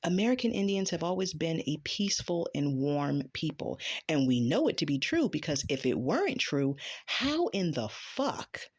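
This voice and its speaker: A woman with a low voice talks straight to her viewers in an impassioned opinion vlog. Her pitch swings widely as she fires off rhetorical questions and swears now and then. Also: sing-song, normal speed, few pauses, darkish tone, slightly rough. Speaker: vlogger. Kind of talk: casual opinion monologue to camera.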